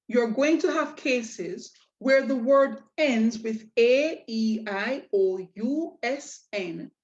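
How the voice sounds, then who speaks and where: Slow, patient woman teacher. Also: on the high side, darkish tone, lo-fi sound. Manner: slow, patient explanation, spelling out letters. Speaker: Spanish teacher. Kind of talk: online lesson.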